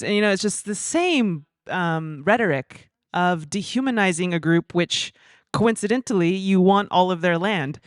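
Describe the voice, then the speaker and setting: A woman giving conversational panel remarks at a conference, telling stories in a chatty, animated way with lots of fillers. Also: fairly low pitch, normal speed, no echo, studio quality.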